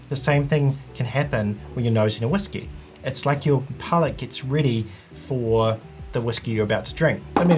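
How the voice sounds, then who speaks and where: A man hosting his own channel, talking through an explainer in a chatty, conversational way. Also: mid-range voice. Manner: chatty, conversational, with frequent "like" and "you know". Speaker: whisky channel host. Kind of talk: casual explainer vlog.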